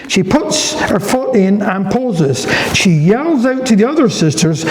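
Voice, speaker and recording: Cornish man telling dialect stories, fairly high voice. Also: big pitch swings, measured pace, few pauses, darkish tone, a little hiss or hum, poor audio. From Cornwall. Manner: chatty, humorous rhyming recitation. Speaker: dialect storyteller. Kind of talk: reading dialect stories to a live audience. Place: heritage venue talk.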